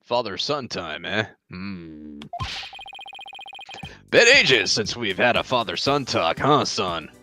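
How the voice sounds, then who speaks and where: A man's voice: fairly low pitch, sing-song, takes it slowly, sharp tone, soft background music, heavily acted. A man voicing a laid-back, teasing middle-aged father in a fan voice-over of a game. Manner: dry, teasing.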